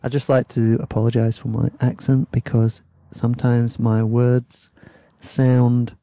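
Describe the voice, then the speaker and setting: A man's voice: medium pitch, flat delivery, measured pace, warm tone, dry recording. A man with a Yorkshire accent hosting a podcast, telling travel stories in a rambling, chatty way with self-deprecating asides. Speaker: podcast host. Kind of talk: casual travel storytelling.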